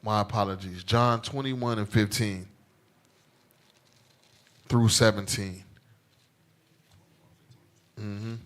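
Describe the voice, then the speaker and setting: A man's voice: fairly low pitch, fairly even intonation, takes it slowly, pauses often, fairly bright tone. A man teaching scripture in an emphatic preaching style, repeating points and checking in with "all right?" after nearly every line. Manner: emphatic, repetitive, calls for responses, tag questions. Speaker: teacher leading a scripture class. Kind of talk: preaching Bible class.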